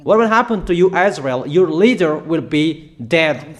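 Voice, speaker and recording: Man, preacher, slightly high voice, emphatic proclamations, repetitive, halting fillers. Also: lively intonation. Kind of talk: prophetic declaration sermon.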